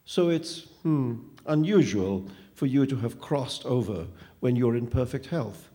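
A man's voice: medium pitch, lively intonation, a little slow, mellow, natural voice. A man reading a story aloud, voicing a pompous male phantom who speaks in precise, wordy and falsely kindly tones. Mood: smug.

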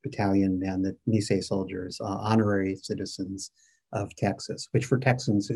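A man's voice: sits low, little pitch movement, normal speed, darkish tone, husky. A man, the author of a book, answering interview questions in a reflective, hesitant way. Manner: reflective, hesitant, many fillers. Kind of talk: conversational interview.

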